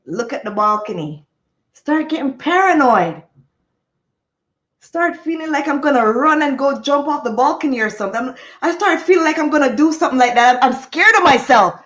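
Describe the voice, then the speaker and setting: A woman hosting a livestream, telling a story to her chat in an animated, expressive way with sound effects. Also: sits high, normal speed, dull audio. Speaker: livestream host. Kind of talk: casual storytelling to a live chat.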